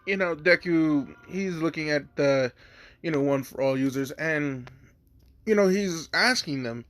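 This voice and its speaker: A man's voice: a little high, expressive, normal speed, a bit bright, dry recording. A man casually retelling a fan story, rambling with lots of fillers.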